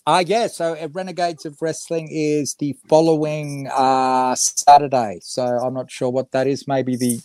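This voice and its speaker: Chatty man, slightly high voice. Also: level tone, a little slow, hardly any pauses, a little mellow, no echo. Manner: rambling, laughing, self-deprecating. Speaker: podcast guest, wrestling announcer. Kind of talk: casual podcast chat.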